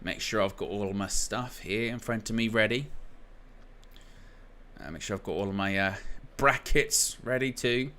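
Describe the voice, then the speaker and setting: A young man with a fairly low, bright, pushed voice hosts a football watchalong stream at a moderate pace. He chats casually and jokes around while reading viewer comments aloud.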